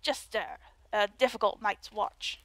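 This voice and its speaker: A woman voicing a very old male castle guard with a put-on Cockney accent, gruff, foggy but capable. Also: medium pitch, unhurried, fairly bright tone, no echo. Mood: weary.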